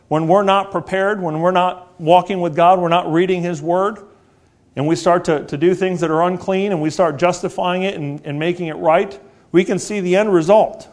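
His voice sitting high, a forties-aged preacher delivers an earnest, repetitive sermon, posing rhetorical questions and slowing to emphasize important words.

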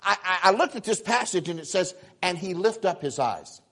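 A man delivering a sermon in a slightly high voice, swinging between loud acted-out exclamations and soft asides. He tells homely stories, stumbling over repeated words as he goes. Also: lively intonation, moderate pace. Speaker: preacher. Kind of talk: sermon storytelling.

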